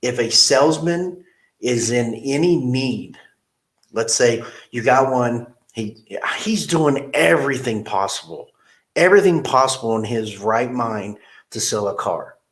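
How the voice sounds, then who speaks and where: A middle-aged car dealership manager tells a story during an interview, animatedly acting out the quotes within it. He speaks in a mid-range voice at a measured pace.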